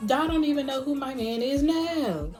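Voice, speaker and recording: A woman's voice: sits high, normal speed, faint music behind. Laughing young woman telling a story. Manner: animated, laughing often, acts out quotes. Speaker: beauty vlogger. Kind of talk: storytime vlog.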